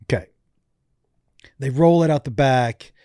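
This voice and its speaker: A man who is a comedian guest on a podcast, telling animated, profane stories in casual chat. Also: medium pitch, unhurried, dry recording, clean studio sound.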